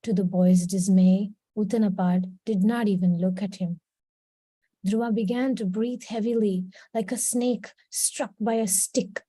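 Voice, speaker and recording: Woman storyteller for a class reading; dark, warm tone, dry close sound. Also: mid-range voice, fairly even intonation, a little slow, no echo, rough recording. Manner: reads steadily, slips into brief quoted voices. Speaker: class reader. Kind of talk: storybook read-aloud with character voices.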